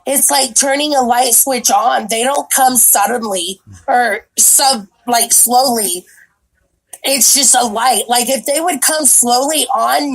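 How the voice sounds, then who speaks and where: A woman with a high, husky voice talks as a podcast guest. She is blunt and frank and swears freely in loose conversation. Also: poor audio. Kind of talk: casual chat.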